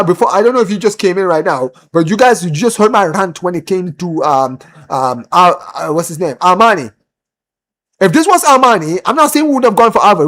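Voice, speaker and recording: A young man hosting a football live stream, ranting in casual chat, repeating himself and calling the audience "bro". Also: high-pitched. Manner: animated, repeats himself, lots of "bro" and "man", rising when heated.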